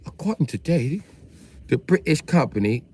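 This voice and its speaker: A man's voice: on the high side, sing-song, normal speed, a little mellow, husky. A man live-streaming, riffing comedically in a brash, profane way and constantly addressing someone by name. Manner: brash, profane, keeps addressing an imaginary listener. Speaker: livestreamer.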